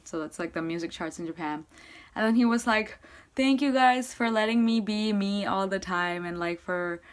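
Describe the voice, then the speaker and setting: A young woman vlogger telling a story casually, gushing and excitable, with her speech full of "like". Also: medium pitch.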